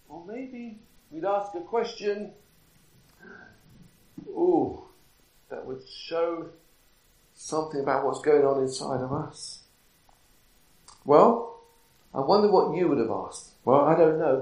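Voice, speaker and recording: A man preaching a sermon in a church, deliberate and full of rhetorical questions. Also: fairly high pitch, a little mellow. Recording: echoey, from a distance.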